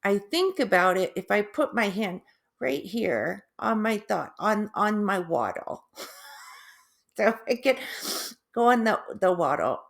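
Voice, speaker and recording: A middle-aged woman talking in a casual personal video, halting, with restarts, long pauses and drawn-out, oddly stressed syllables. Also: medium pitch, lively intonation, creaky. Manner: laughs softly at herself. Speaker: vlogger sharing her stroke recovery.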